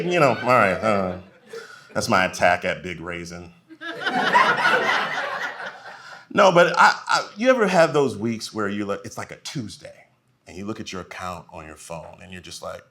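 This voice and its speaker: A man performing a live stand-up comedy set on a club stage, swinging between loud punchlines and quiet muttered asides. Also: on the low side, sing-song, moderate pace.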